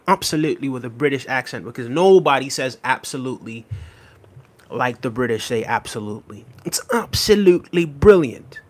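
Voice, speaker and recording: A man hosting a livestream, chatting casually, reading viewer comments aloud and repeating phrases with frequent laughs. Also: fairly high pitch. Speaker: livestream host.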